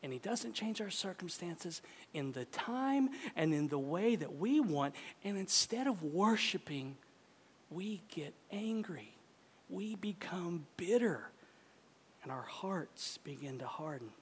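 A man preaching a sermon with passion, swinging between loud emphasis and a hushed voice. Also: high-pitched, very animated, slow, slight background noise. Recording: echoey hall.

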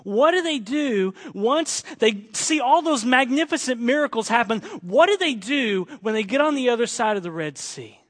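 A male pastor preaching a sermon with lively delivery, sometimes mimicking whining complainers. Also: extremely high pitch, moderate pace, few pauses.

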